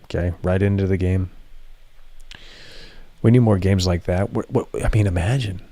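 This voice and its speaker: With a low, steady, warm voice at a moderate pace and no echo, a man hosts a live stream. He addresses chat directly in loose, rambling talk laced with profanity.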